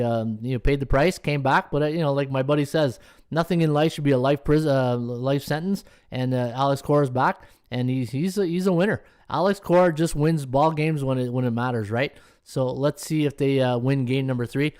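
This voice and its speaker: A man's voice: mid-range voice, normal speed, a little mellow, smooth, dry recording. A man hosting a sports betting podcast, chatting casually and greeting viewers by name between picks. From Canada. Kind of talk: casual live-stream chat.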